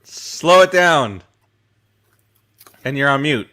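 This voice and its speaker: A man's voice: fairly high pitch, animated, slow, pushed and bright. A man hosting a casual chat show over a video call, joking around and teasing his co-hosts. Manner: joking, teasing, laughs often. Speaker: show host.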